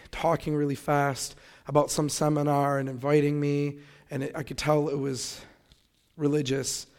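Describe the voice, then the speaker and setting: A young man from Grand Rapids, Michigan, telling his personal faith testimony in a relaxed, conversational way, acting out his own thoughts as he goes. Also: fairly high pitch. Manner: conversational, animated retelling with quoted inner thoughts. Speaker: testimony speaker.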